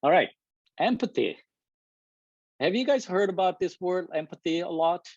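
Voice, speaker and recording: A man who speaks English as a second language, giving a lively, loud talk to a live and online audience, laughing often and asking the room "right?". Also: sits high, moderate pace, no room sound. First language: not English. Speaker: guest speaker. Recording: dull lo-fi recording.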